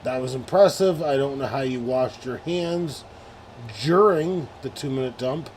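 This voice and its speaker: A man's voice: mid-range voice, unhurried, darkish tone, slight background noise. A man hosting a late-night live stream, rambling and swearing as he heaps mock sports praise on a teammate. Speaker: streamer host. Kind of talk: casual live-stream chat.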